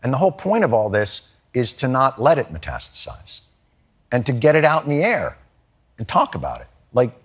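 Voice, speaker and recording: A man's voice: mid-range voice, huge pitch swings, moderate pace, husky, a faint crowd. A man doing stand-up comedy with a dry, matter-of-fact delivery.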